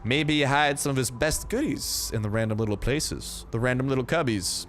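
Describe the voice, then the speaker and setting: A man's voice: medium pitch, normal speed, a bit bright, soft background music. A young man giving casual, slangy gameplay commentary, chatty and full of jokey asides.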